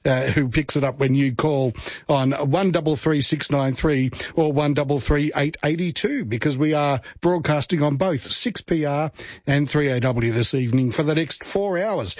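Australian man, radio host, husky voice, dry dull broadcast sound. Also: on the high side, normal speed, no echo. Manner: chatty, joking, relaxed. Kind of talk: casual radio chat. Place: radio studio. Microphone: studio mic.

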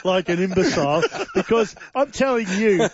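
A man co-hosting radio, teasing and animated. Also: sits high, moderate pace, lo-fi sound, crowd noise. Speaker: radio co-host. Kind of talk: talkback banter.

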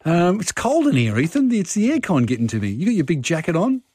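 A man's voice: sits high, huge pitch swings, quick pace, a little mellow, no room sound, studio quality. A man hosting a radio show, easygoing and chatty with lots of fillers. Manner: easygoing, friendly banter with many fillers. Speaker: radio host. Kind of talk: casual radio talk. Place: radio studio. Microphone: studio mic.

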